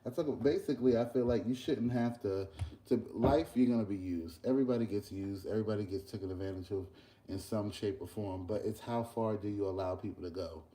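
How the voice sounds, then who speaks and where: A young man, chatting casually in a vlog while cooking breakfast at work, telling an animated story. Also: lowish voice, a little fast. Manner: animated ranting storyteller, loose and conversational. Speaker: vlogger and podcast host. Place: workplace kitchen.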